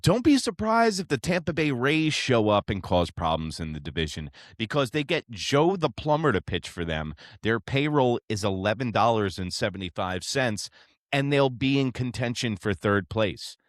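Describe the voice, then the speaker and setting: A man hosting a sports show, ranting in a brash, profane, excitable way. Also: medium pitch, moderate pace, no room sound, clean studio sound. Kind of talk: fired-up sports reaction rant.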